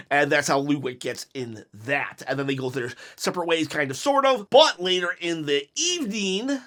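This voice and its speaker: A man hosting a casual wrestling commentary show, energetically pitching storyline ideas and slipping into quoted lines from the wrestlers. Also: lively intonation, moderate pace, sharp tone. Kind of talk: casual fantasy-booking commentary.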